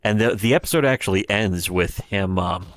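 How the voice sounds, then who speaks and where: A man's voice: fairly low pitch, normal speed. A man giving rambling, profane livestream commentary, retelling scenes with quoted voices. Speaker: streamer.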